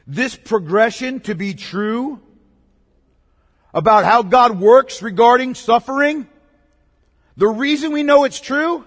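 In a large hall with long reverb, a male pastor delivers a sermon with emphasis, repeating key words and asking the congregation questions. His voice sits high and sounds a bit bright.

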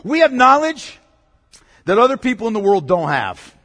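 A man's voice: very high voice, very animated, normal speed, bright, forceful tone. A man preaching a sermon in an emphatic way, repeating key words and asking the congregation questions. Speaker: pastor. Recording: long reverb of a large hall.

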